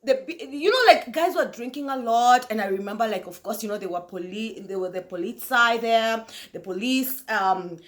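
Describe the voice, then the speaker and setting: A woman hosting a talk show, telling a story casually to her viewers in an animated way, often laughing. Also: on the high side, moderate pace, hardly any pauses. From Kenya.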